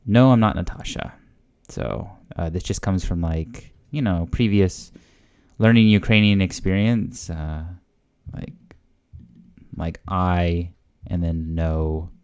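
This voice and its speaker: A man's voice: sits low, takes it slowly, a little mellow, clean tone. A man learning a language on video, thinking aloud in a casual, hesitant way with lots of fillers and guesses.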